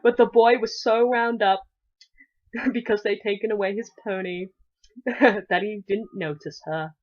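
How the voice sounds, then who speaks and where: A woman's voice: medium pitch, fairly even intonation, measured pace. A woman giving a parody storybook reading, narrating with giggly, irreverent asides. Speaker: reader. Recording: dull lo-fi recording.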